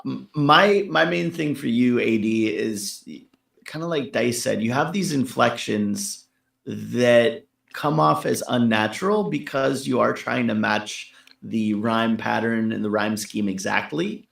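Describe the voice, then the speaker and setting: A man with a gravelly, creaky voice talks slowly and in a laid-back way, trailing off into fillers. He is critiquing a song on a casual show. His voice bounces around an echoey room. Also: mid-range voice, fairly bright tone. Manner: laid-back, rambling with fillers, laughs at his own jokes. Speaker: co-host reviewing listener tracks.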